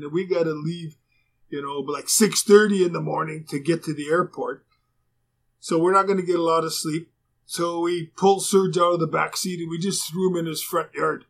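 Man, raspy and gravelly voice, slightly higher pitch, rambling casual storyteller, ex-hockey player. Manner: rambling, relaxed, with frequent fillers and restarts. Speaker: former pro hockey player, guest.

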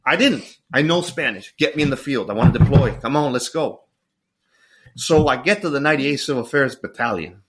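Middle aged man, casual storytelling, animated and jokey, average pitch. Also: fairly quick. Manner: animated, joking, apologetic asides. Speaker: podcast guest.

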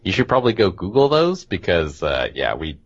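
A very low-voiced man with a husky tone and lively pitch rambles through casual gaming talk on a podcast, laughing often. The recording sounds dull and lo-fi. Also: a little fast. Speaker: podcast host.

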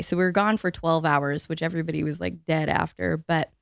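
A woman in her thirties chatting casually as a co-host, a lively storyteller who laughs between her sentences. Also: sits low, fairly quick, vocal fry, no room sound, clean studio sound. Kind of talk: casual chat.

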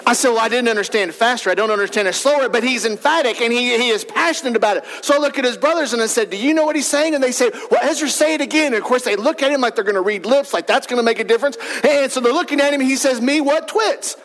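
A man's voice: very high voice, rapid-fire, hardly any pauses, a bit bright, in a large hall, rough recording. A man in his thirties preaching a sermon in a church, in a folksy, conversational storytelling way. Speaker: pastor. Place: church sanctuary.

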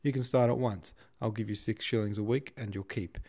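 A man reading a novel aloud, voicing a brusque, boastful middle-aged shop manager, a bit higher and louder than his narration. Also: fairly even intonation, fairly quick. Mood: pompous.

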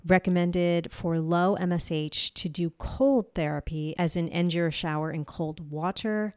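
A woman's voice: fairly low pitch, measured pace, a little mellow, smooth, no room sound, clean studio sound. Candid New Jersey woman hosting a podcast. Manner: candid and casual, swears lightly, laughs at herself. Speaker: podcast host. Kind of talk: solo health podcast monologue.

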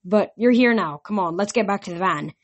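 A woman's voice: mid-range voice, fairly quick, lightly acted. A woman voicing a tough teenage demigod girl who speaks bluntly and commandingly.

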